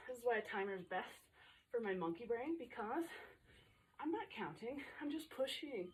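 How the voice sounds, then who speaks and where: A woman's voice: on the high side, very animated, normal speed, a little hiss or hum. Breathless upbeat woman coaching a workout. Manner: chatty and upbeat, cueing moves between breaths. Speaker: fitness instructor. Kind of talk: casual workout coaching while exercising.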